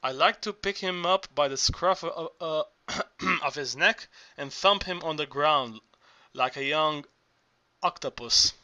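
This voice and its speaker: A man voicing a gruff, stern old village father who mutters with scorn. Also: on the high side, a little slow, sharp tone, dull audio. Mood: scornful. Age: older.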